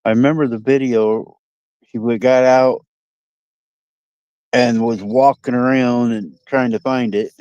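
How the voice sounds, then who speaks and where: A man's voice: mid-range voice, steady tone, measured pace, pauses often, a little mellow, clear, resonant tone, no echo. A rambling, folksy man with a Midwestern American accent talks to his live-stream viewers from a lakeside dock. The sound is dull and lo-fi, with a dry, close feel and no room around it. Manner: rambling, folksy, chats to viewers and reads comments. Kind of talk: casual live-stream chat while fishing. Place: outdoors by a lake dock. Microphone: phone.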